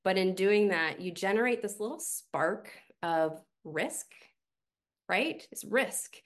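A middle-aged woman, a team coach, talking as a guest in a podcast interview, telling stories in an animated way with casual fillers. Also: medium pitch, slow pace.

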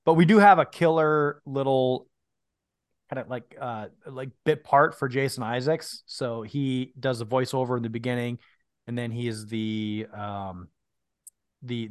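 A man's voice: mid-range voice, dry recording, studio quality. A man co-hosting a podcast, chatting casually and sharing film trivia with some swearing. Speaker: podcast co-host.

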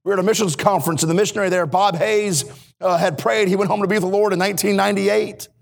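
A male missionary preaching in a church, his voice pitched high with a gravelly edge. He moves between quiet, earnest moments and emphatic, raised passages, speaking straight to the congregation. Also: fairly even intonation, fast. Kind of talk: sermon. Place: church sanctuary.

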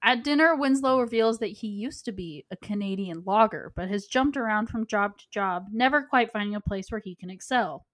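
A woman's voice: mid-range voice, normal speed, hardly any pauses, a bit bright, no room sound. A woman co-hosting a casual film podcast, retelling scenes in a chatty way with lots of fillers. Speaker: podcast co-host. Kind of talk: casual chat recapping a film.

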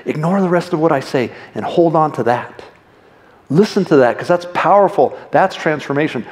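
A man's voice: fairly high pitch, animated, normal speed, a little mellow. A middle-aged male pastor giving a conversational, jokey sermon to his congregation. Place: church hall. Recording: echoey church room.

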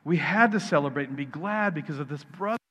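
A loving father, voiced by a male preacher, reasons with his son in a calm, pleading way. The voice sits a little high for a man and carries a long hall echo over dull, muffled sound. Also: fast, slightly rough. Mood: gentle. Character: patient loving father, gently reassuring.

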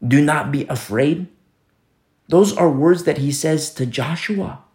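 A man's voice: a little high, slow pace, a little mellow. A man preaching a sermon, stressing points by repeating phrases and telling stories with casual asides. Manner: storytelling asides with fillers.

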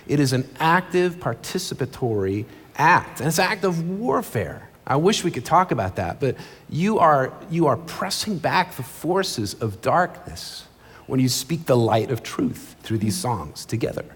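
A male pastor preaching an earnest, conversational sermon from a church stage, with quick asides. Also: mid-range voice, sing-song, fairly bright tone, slightly rough. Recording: long reverb of a large hall.

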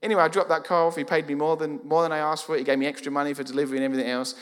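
A man, preaching a sermon as a lively storyteller who acts out quoted dialogue. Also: fairly high pitch, rapid-fire. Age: 40s. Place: church. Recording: church hall reverb.

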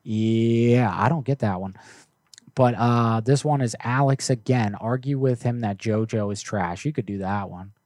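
A man's voice: mid-range voice, measured pace, a little mellow, dry recording. Young male streamer, casual and jokey, profane, dry close sound. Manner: joking, profane, offhand. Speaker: prank call streamer host. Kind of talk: casual livestream chat.

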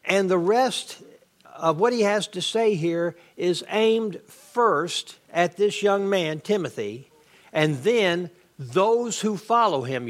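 A middle-aged man, teaching a Bible lesson and explaining grammar step by step with emphasis. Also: high-pitched.

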